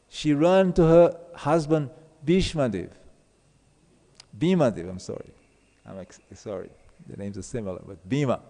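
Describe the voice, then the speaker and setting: A man's voice: mid-range voice, dark tone, big-room sound. A man giving a scripture class as a sermon, telling stories and acting out the dialogue. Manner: storytelling, acts out quoted dialogue.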